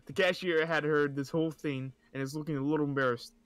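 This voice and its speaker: A man's voice: a little high, steady tone, normal speed, fairly bright tone, smooth, no room sound. A young man casually reading stories aloud, stumbling over words and often breaking into laughter and mocking asides.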